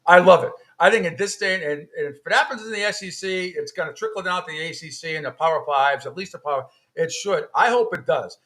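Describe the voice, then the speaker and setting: A man's voice: fairly high pitch, fast talker, few pauses, fairly bright tone. A man with a slightly raised voice hosts sports talk radio. He is opinionated and conversational, and he laughs easily. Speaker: radio host.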